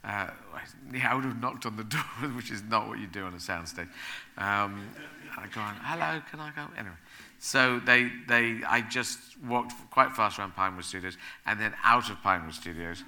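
A middle-aged man, a guest, telling animated anecdotes in a casual chat, rambling and correcting himself as he goes. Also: on the low side, moderate pace.

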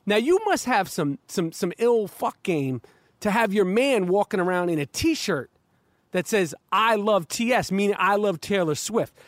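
Podcast host, man with a high voice, animated and profane, talking outdoors in a backyard. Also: measured pace, no echo. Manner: rambling, profane, stammering restarts, animated. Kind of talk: casual podcast chat. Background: dog barking.

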